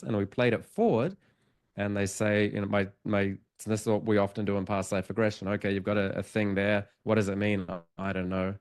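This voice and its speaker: A man with a fairly low voice speaks as a podcast guest, recounting a personal experience in an earnest, reflective way. He laughs easily, and emotion sometimes catches in his voice. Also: fairly even intonation, fairly quick, smooth. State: emotional, choked up. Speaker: hypnotherapist guest. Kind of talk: conversational storytelling.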